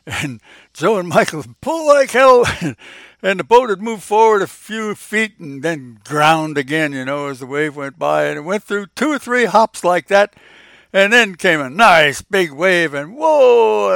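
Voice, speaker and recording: This is an older man hosting a podcast, his voice a little high and a bit bright, captured in studio quality without echo. He casually reminisces through old stories in a folksy manner, frequently chuckling along the way.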